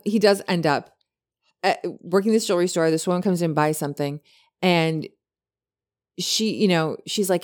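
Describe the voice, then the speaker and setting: A woman co-hosting a podcast, chatting casually and retelling a story with many animated quotes. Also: lowish voice. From lived in California. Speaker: podcast co-host.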